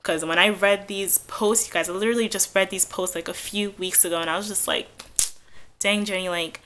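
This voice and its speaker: A woman's voice: medium pitch, steady tone, fairly quick, fairly bright tone. A woman in her twenties chatting casually to camera, rambling and candid with lots of fillers. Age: 20s. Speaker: vlogger.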